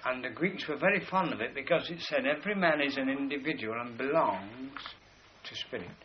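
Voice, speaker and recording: A man's voice: mid-range voice, brisk. A man giving a rambling philosophical lecture, pointing to drawings as he explains. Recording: dull lo-fi recording with faint hiss.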